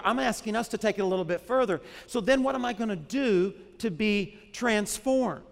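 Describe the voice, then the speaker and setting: A man's voice: high-pitched, vocal fry, a bit bright, in a large hall. A man, a pastor, preaching a sermon in a conversational way, often putting questions to the congregation.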